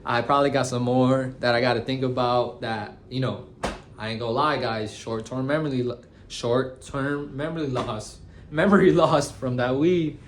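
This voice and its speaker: In this casual storytelling vlog, a young American man in his twenties who runs a tattoo shop talks at a moderate pace. His middle-pitched voice carries slangy, animated chatter full of "bro" and "guys," and a faint hum sits in the background.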